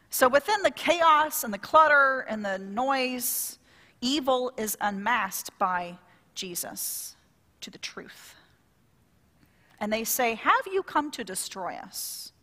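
A woman pastor preaching a sermon in a lively, conversational way, drawing call-and-response from the congregation. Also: fairly high pitch, long reverb tail.

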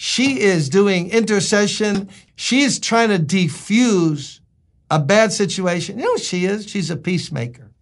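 High-voiced man preaching a sermon. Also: expressive, measured pace. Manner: emphatic, conversational preaching with rhetorical questions. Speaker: pastor.

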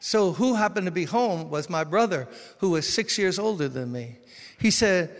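A man from Brooklyn, preaching a sermon as pastor, swinging between loud exhortation and quiet storytelling. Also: high voice, animated, normal speed. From Brooklyn, New York. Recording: long reverb of a large hall.

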